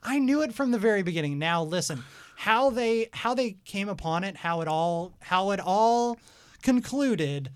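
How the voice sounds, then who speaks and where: Playful podcast host, dry studio sound. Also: male voice, high-pitched, lively intonation, moderate pace, smooth, dry recording. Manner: playful, laughs often, reads ads jokily. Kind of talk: casual interview chat. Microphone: studio microphone.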